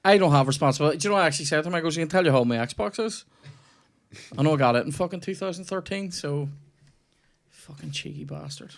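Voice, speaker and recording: A man's voice: fairly high pitch, very fast. A young man hosting a comedy podcast, swearing freely and telling stories while playing a football video game, breaking into rants at the match.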